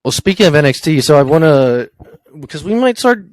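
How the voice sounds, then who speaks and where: A man's voice: a little high, big pitch swings, a little fast, dry recording, low-quality recording. A man co-hosting a casual wrestling podcast, running through news with lots of ums and uhs. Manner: rambling with frequent ums and uhs. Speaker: podcast co-host.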